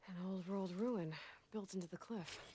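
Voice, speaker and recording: An actress voicing a curious young female explorer in a video game, speaking in calm, measured dialogue. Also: mid-range voice, husky, faint music behind, lightly acted.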